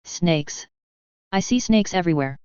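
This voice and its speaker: A woman's voice: fairly low pitch, measured pace, a little mellow, clean tone, dry recording, dull audio, natural voice. A woman reading aloud, voicing a drunken old hag who wails warnings about snakes. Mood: raving. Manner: cackling, wailing prophecy.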